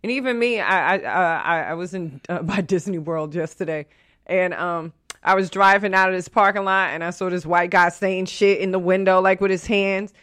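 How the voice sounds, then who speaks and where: Animated, foul-mouthed New woman. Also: lowish voice, moderate pace, dry recording, studio quality. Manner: animated, profane, acts out quotes. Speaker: radio show co-host. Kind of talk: casual chat and storytelling. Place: radio studio.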